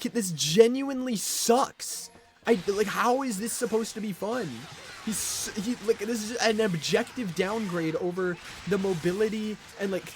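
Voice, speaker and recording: A man's voice: sits high, slight background noise. A young man streaming a video game live, ranting and swearing in frustration at his character. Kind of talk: live gameplay commentary.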